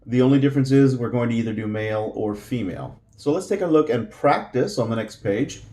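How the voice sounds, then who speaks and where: A man's voice: medium pitch, animated, brisk, dark tone. A man teaching a Spanish lesson, explaining patiently with frequent fillers and repeating each word. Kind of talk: slow explanatory language lesson.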